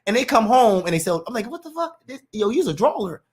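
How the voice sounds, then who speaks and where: Animated high-voiced man ranting. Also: fast talker, slightly rough. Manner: animated, profane street slang, acts out quotes. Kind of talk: casual monologue rant.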